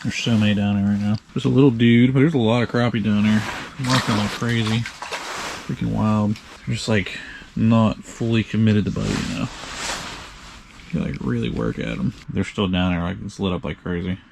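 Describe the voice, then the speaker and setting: Excitable man narrating his ice fishing. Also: lowish voice, moderate pace, creaky, noisy background. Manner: excitable, swears, says dude a lot. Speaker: fishing vlogger. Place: ice fishing shelter on a frozen lake.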